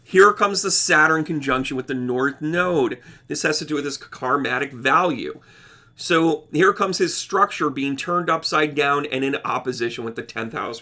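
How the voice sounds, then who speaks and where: A man's voice: on the high side, pushed and bright. A man hosting his own astrology channel, explaining charts in a casual, rambling way, often correcting himself and speaking straight to his viewers. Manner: rambling, self-correcting, chatty, addresses viewers directly.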